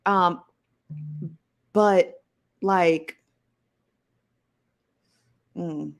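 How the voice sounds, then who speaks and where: A woman hosting a live stream in a relaxed, chatty way, greeting viewers and laughing easily. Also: fairly low pitch, drawn-out words, gravelly. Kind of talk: casual live stream chat.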